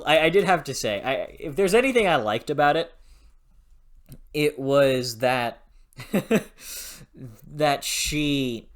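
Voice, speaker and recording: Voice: mid-range voice, pushed and bright. A book reviewer in a casual video review, swearing freely, laughing often and losing the train of thought. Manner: frequent laughter.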